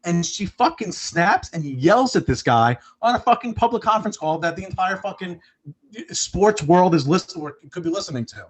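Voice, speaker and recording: A man's voice: high voice, animated, normal speed. A man in his thirties co-hosting a sports podcast, ranting heatedly with lots of swearing and restarts. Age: 30s. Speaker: podcast co-host. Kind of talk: casual sports talk.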